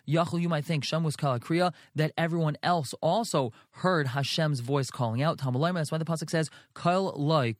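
A fast-talking man teaches a text class, reading out Hebrew phrases and translating them right away. His voice sits a little higher than most men's, and the recording is dry and close. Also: dry recording. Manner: reads Hebrew phrases then translates, brisk and explanatory. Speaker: Torah teacher. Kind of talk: Chumash and Rashi class.

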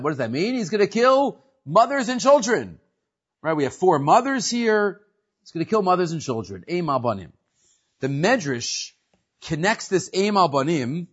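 A man's voice: on the high side, breathy edge. A man teaching a Torah class, moving between Hebrew verses and English explanation and checking in with "right?". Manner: lively, mixing Hebrew and English, questioning "right?". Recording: dull lo-fi sound.

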